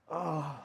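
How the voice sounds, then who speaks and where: This man's voice is husky and on the high side. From home, he hosts a casual live stream, rambling easily, laughing often, and greeting viewers by name as he reads the live chat.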